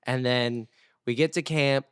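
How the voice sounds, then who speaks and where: A man on a podcast telling a family story in an animated way, acting out the quotes. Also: mid-range voice, a little slow, clean tone, no room sound, studio quality. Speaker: podcast regular. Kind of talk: casual storytelling chat.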